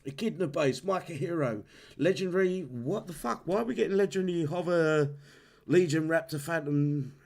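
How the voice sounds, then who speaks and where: On his live stream, a man with a fairly high, darkish voice and vocal fry goes on a heated, sweary rant about a game at a moderate pace, repeating himself and starting over again and again.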